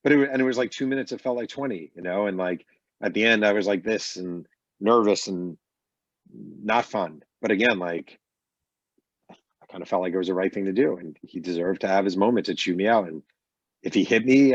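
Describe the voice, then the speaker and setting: A middle-aged man with a low voice tells animated stories in a casual interview. He acts out the people in his stories as he talks. The sound is dry and muffled, like lo-fi video call audio from a bedroom. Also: no room sound. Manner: animated anecdotes with acted quotes. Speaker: author guest.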